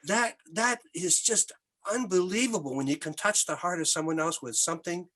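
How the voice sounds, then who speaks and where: Older man, from canada, musician guest, rambling animated storytelling, somewhat higher voice. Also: normal speed. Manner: animated anecdotal storytelling with many restarts. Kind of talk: storytelling interview.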